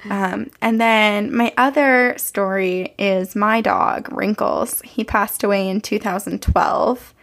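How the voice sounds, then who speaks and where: A woman's voice: mid-range voice, steady tone, slow, gravelly, hardly any pauses. A young woman co-hosting a podcast, chatting casually and telling rambling personal stories with frequent laughs. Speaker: podcast co-host.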